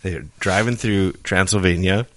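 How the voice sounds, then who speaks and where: A man co-hosting a podcast in casual chat, firing off quick wisecracks and puns. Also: low-pitched, fairly bright tone, dry recording. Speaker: podcast co-host. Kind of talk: casual chat, telling a joke.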